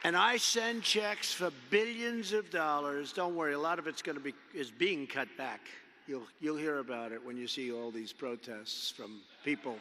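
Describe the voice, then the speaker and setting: A man in his seventies addresses a convention from a podium in a voice that's a little high, speaking at normal speed with few pauses. His unscripted speech is rambling and repetitive, heavy on emphatic superlatives. The large indoor arena adds long reverb, and the background is noisy.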